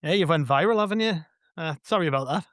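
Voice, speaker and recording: A man's voice: a little high, expressive, fast talker, fairly bright tone, no room sound, studio quality. A man hosting a casual football podcast, chatty and joking, rambling with fillers. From North East England. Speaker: podcast host.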